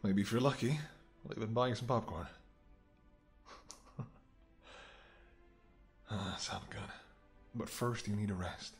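A man voicing a protective male bodyguard who is anxious and tender toward his lover, in a soft, gently scolding whispered role-play. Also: on the low side, a little slow, long pauses, soft background music. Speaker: voice actor.

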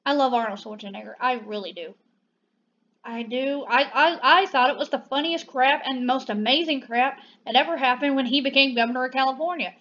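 A woman's voice: high-pitched, fairly quick, fairly bright tone, lo-fi sound, slight background noise. A young woman, chatting casually and gushing playfully as a movie reviewer on her own channel.

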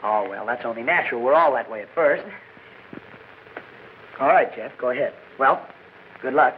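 An actor playing an eager young radio page boy who talks in a breezy, lively way in a 1940s film comedy. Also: mid-range voice, moderate pace, lightly acted. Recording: tinny 1940s film soundtrack with hiss.

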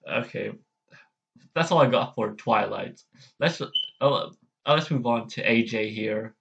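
Slow, hesitant man vlogging. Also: medium pitch, gravelly, fairly bright tone, highs cut off. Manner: hesitant, self-deprecating, full of restarts. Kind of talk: casual vlog chat.

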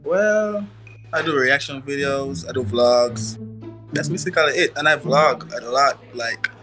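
A man's voice: medium pitch, unhurried, bright, forceful tone. A man on a blind date call, talking in a flirty, put-on Jamaican accent. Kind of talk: casual chat on a call. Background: music under the talk.

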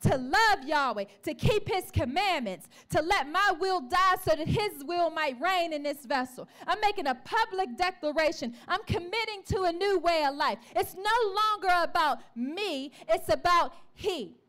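A woman preaching a sermon testimony to a church, telling her story in an animated way and calling out to the congregation. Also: very high voice, normal speed, few pauses. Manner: calls out to the congregation.

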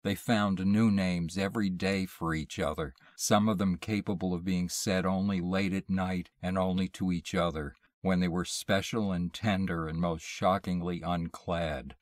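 A man reading a short story aloud in a measured, deliberate storytelling manner. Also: deep voice, fairly even intonation, no echo, clean studio sound. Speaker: audiobook reader.

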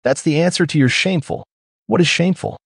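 A man's voice: on the high side, fast, breathy edge, no room sound, clean studio sound, pitched above the performer's own voice. A spluttering old buffoon of a father. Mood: mocking. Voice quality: spluttering, theatrical. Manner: shouting, mocking, self-dramatizing. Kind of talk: audiobook character reading.

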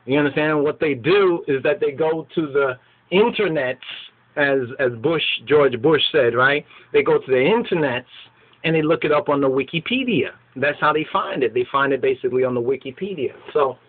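A man's voice: a little high, moderate pace, husky. A man giving an informal lecture who keeps checking in with his listeners, often asking "right?" and "you understand?". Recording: tinny phone-like sound.

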